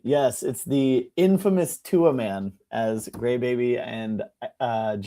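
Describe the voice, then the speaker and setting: A young man co-hosting a casual chat show, an animated storyteller who acts out the people in his stories. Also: mid-range voice, slow. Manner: animated storyteller, mimics people with shouts and laughs. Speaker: podcast co-host.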